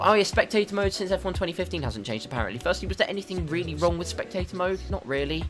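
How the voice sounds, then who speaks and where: A man's voice: a little high, sing-song, quick pace, music in the background. A man giving a sarcastic, swearing commentary about a racing video game on a desktop USB mic. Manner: sarcastic, swearing, swings to shouting. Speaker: gaming commentator.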